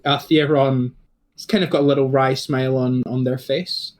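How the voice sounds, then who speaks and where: Speaking at a moderate pace in a mid-range voice with fairly even intonation, a man narrates a tabletop game as its game master, rambling with lots of fillers and restarts.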